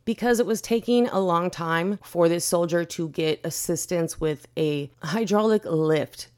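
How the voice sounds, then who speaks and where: Podcast host, female, a bit low-pitched; foul-mouthed, indignant ranter. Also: measured pace, darkish tone. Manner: profane, indignant, blunt. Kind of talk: ranting podcast commentary.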